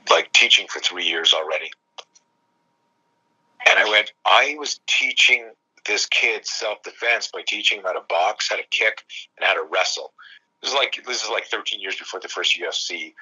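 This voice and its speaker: A middle-aged man, a self-defense coach, telling stories in a fast, emphatic way and acting out the dialogue himself. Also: fairly low pitch, pushed and bright, husky, dull audio. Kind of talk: animated storytelling in a podcast conversation.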